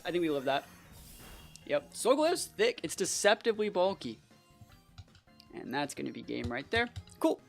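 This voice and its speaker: A young adult giving casual, excitable live gameplay commentary as a channel host, full of "like" and "bro". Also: medium pitch, creaky. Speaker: competitive battle player and channel host.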